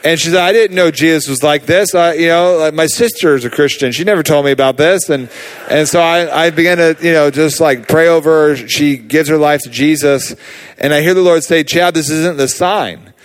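A man preaching, telling a personal healing story in a casual, animated way with many fillers. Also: fairly high pitch, fairly quick, some chatter behind. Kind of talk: sermon testimony.

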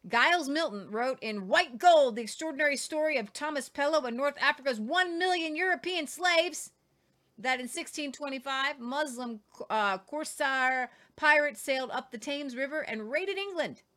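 A woman's voice: high voice, expressive, normal speed, fairly bright tone. A woman hosting a casual history talk, reading quotes aloud with jokey asides and stumbles over names. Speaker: host.

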